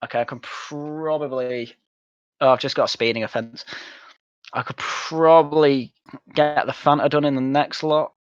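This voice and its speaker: A man's voice: fairly high pitch, steady tone, normal speed, smooth, dry recording, dull audio. A young man from Manchester, chatting bluntly and swearing while streaming a game. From Manchester, England. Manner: blunt, sweary, mocking banter. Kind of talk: casual chat while gaming.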